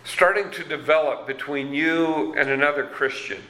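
A man preaching a sermon as pastor, slow and deliberate, reading scripture with dramatic emphasis. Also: a little high, fairly even intonation, bright, forceful tone. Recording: roomy echo.

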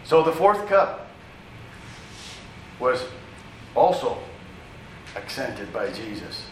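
A man's voice: medium pitch, sing-song, extremely slow, a little hiss or hum. Male preacher, echoey and distant. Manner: conversational teaching with asides to the congregation. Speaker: pastor. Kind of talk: sermon. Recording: echoey room, distant mic, faint ambience.

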